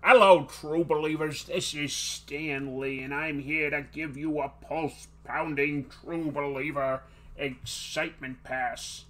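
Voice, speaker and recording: Brief: man putting on an excitable old comics huckster, slow, salesy, over the top. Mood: hyped. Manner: hammy, old-timey pitchman delivery. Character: elderly excitable male comics showman.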